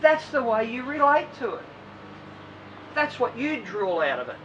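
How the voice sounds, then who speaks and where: Woman swim coach, blunt and high-voiced, throws rhetorical questions at the squad; recorded from afar with traffic noise. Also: very animated, moderate pace, fairly bright tone, dull audio. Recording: distant mic with vehicle noise behind.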